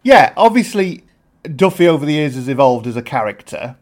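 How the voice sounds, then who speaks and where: A man's voice: on the high side, sing-song, fairly quick. A man interviewing a guest, asking rambling questions with restarts.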